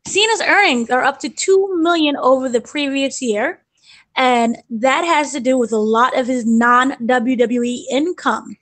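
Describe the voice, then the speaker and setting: A woman with a high, light voice reads through the week's stories for a podcast. She keeps it chatty and relaxed. It sounds like casual talk among co-hosts. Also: unhurried. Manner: chatty, relaxed news rundown. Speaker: co-host, news presenter.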